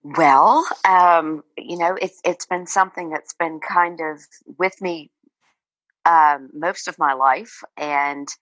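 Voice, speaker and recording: A woman's voice: deep voice, fairly even intonation, slow pace, fairly bright tone, no room sound, lo-fi sound. A middle-aged woman, a guest on an interview show, talking casually with many fillers and restarts and frequent laughs. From Virginia, United States. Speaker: guest author.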